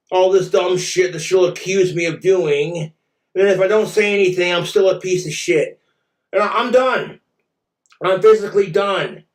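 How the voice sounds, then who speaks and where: A man streaming, ranting bitterly and with exasperation. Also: high voice. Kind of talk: angry rant on a stream. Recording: echoey room, far from mic.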